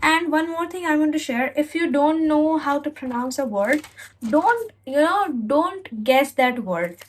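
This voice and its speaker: In a casual tutorial vlog, a woman hosting English lessons reassures her viewers, often correcting herself mid-sentence as she spells out words and demonstrates pronunciation. Her high voice has lively intonation and moves a little slowly. The recording is rough.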